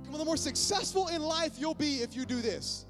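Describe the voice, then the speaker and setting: A male pastor preaching a lively sermon to his church, often calling out to the congregation. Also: extremely high pitch, brisk, music in the background. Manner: energetic, calls on the congregation often. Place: church sanctuary.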